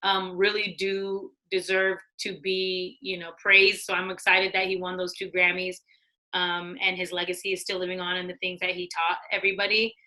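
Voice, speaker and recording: A middle-aged woman, a former studio executive, telling lively stories in casual conversation, acting out what people said and laughing often. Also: lowish voice, normal speed, low-quality recording. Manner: animated, acts out quotes, laughs often. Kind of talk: casual storytelling.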